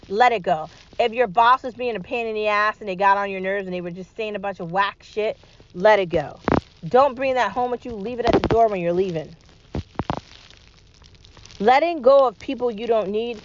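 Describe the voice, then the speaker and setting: A woman's voice: mid-range voice, brisk, muffled recording, a little hiss or hum. A woman talking alone in an emphatic, repetitive, rallying way, swearing freely. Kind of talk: solo monologue vlog.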